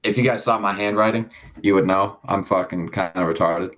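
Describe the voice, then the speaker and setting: A man's voice: sits low, steady tone, fairly quick, fairly bright tone. A young man on a podcast telling a rambling story in casual chat, swearing often and acting out the people in it. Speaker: podcast co-host. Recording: dull lo-fi sound.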